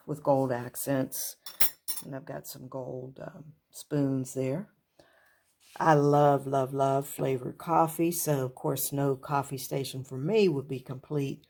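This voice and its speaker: A woman with a low voice and a gravelly fry talks through her decor at home in a relaxed, chatty way. She fills her talk with ums and little unsure asides, filming on a handheld camera that she moves in close. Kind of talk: casual show-and-tell walkthrough. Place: at home beside a kitchen cart. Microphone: handheld camera moved up close.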